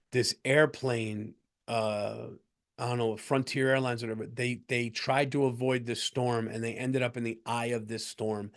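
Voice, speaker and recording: A middle-aged man with a mid-range voice hosts a comedy podcast in a loose monologue. He tells the story with lively energy, restarting phrases and laughing along the way. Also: medium pitch. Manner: animated, breaks into laughter, lots of restarts.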